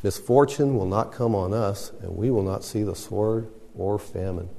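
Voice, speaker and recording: A low, gravelly man leads a Bible class, stressing key words and putting questions to his listeners. His tone is dark and mellow. Long reverb trails each phrase. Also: normal speed. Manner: conversational, emphatic, questions the class. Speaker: Bible study teacher.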